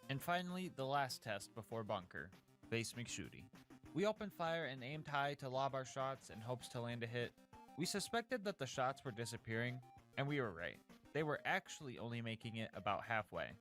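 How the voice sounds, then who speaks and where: A man's voice: medium pitch, lively intonation, moderate pace, fairly bright tone, soft background music. A man narrating a scripted gameplay recap of a challenge run in a jokey, upbeat, slangy way.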